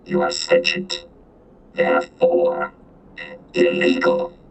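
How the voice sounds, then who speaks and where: A man voices an ancient, sentient vending machine, its synthesized robotic voice deep, gravelly and multitonal with a whining edge. He delivers clipped, broken phrases slowly and ominously while faint music plays underneath.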